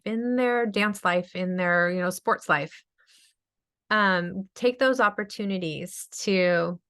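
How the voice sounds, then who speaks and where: A middle-aged woman, a speech-language pathologist, giving an energetic webinar talk on a video call. She talks quickly and chattily with many fillers. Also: fairly low pitch. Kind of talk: webinar presentation.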